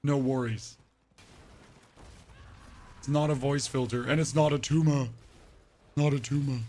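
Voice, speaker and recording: A man chatting loosely through a live gameplay stream, his voice roughened by a touch of hoarseness. He drifts from point to point, tossing jokes and asides to his viewers at a mid-range pitch. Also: steady tone, measured pace, warm tone. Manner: rambling, joking asides to chat. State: a bit hoarse. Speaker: game streamer.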